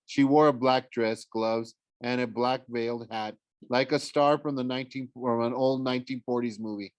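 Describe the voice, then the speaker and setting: A man's voice: medium pitch, fairly even intonation, moderate pace, no room sound. Male teacher reading a novel aloud, mid voice, plain, self-corrects often. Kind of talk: audiobook chapter read-aloud.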